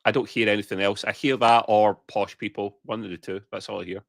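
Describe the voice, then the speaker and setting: A man's voice: fairly low pitch, level tone, fast, vocal fry, fairly bright tone, no echo, studio quality. A man co-hosting a podcast, teasing his co-host and laughing a lot in casual chat.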